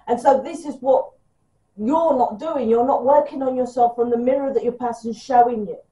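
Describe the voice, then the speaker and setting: Chatty British woman reading tarot: fast, blunt, a little hoarse from a sore throat, recorded in an echoey room at a distance. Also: a little high, mellow. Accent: British English. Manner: fast, chatty, swears freely. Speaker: tarot reader.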